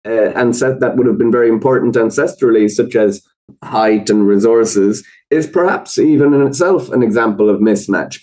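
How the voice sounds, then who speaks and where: Irish man, fairly low voice, podcast guest, measured and thoughtful, lots of "uh" fillers, conversational explaining. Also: warm tone, poor audio.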